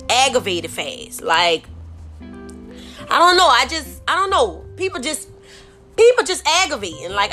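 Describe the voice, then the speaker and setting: On her solo phone podcast, a New Orleans host with a Southern accent rants with plenty of swearing, rambling irritably and repeating "like I said." Her fairly high voice sounds pushed and bright.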